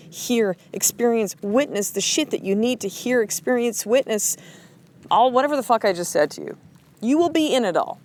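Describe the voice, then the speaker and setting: A woman's voice: medium pitch, slight background noise. A woman in her thirties, a mother hosting her show, giving a blunt, profane motivational talk. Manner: blunt, profane, fast and emphatic. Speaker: podcast host and mother. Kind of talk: motivational monologue.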